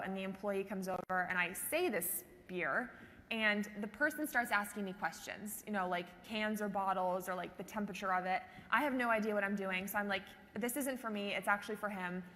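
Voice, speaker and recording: A woman from Minnesota co-presenting at a conference, telling stories in an animated, amused way. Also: medium pitch. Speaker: conference co-speaker. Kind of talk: lively storytelling to a live audience. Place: large conference hall. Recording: reverberant hall with faint ambient noise.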